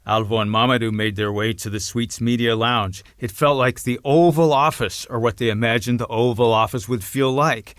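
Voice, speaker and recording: A man narrating a novel as an audiobook in an even, understated reading. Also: mid-range voice, normal speed, few pauses, no room sound, clean studio sound.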